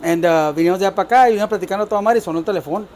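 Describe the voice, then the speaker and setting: Fast-talking older man. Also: high voice, slight background noise. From South Texas. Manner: lively, laughs while telling stories, acts out other people's lines. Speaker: guest, storyteller. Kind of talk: casual storytelling, mixing Spanish and English.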